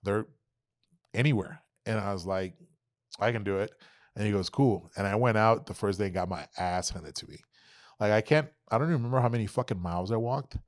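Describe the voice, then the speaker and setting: Man, low voice, dry close sound, animated storytelling, swears a lot, acts out dialogue. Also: brisk, dry recording. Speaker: podcast guest. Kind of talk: casual storytelling.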